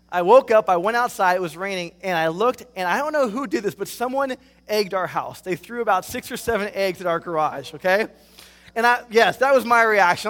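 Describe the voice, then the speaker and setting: A man preaching a sermon as pastor, telling stories in an animated way and acting out reactions. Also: sits high, long reverb tail. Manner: animated storytelling, acts out reactions.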